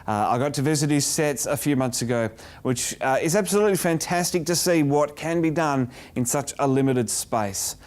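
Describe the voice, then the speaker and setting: A man with an Australian accent narrating a retrospective of his own show as host, in a steady, enthusiastic way. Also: a little high, normal speed.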